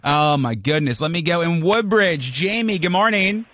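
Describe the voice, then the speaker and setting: Upbeat radio morning guy, kinda high bright voice, dry studio sound, loud reactions. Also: no echo. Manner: upbeat, reacts loudly, quick caller hand-offs. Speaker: radio morning show host. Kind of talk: call-in radio chat.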